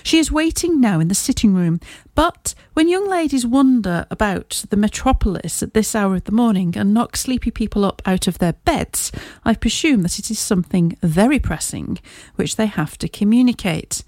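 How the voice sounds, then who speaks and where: A confident, brisk Victorian gentleman detective speaks with crisp, courteous formality, voiced by a woman reading the story aloud. The tone is mellow and warm. The recording is close and dry. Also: mid-range voice, lively intonation, dry recording, lightly acted.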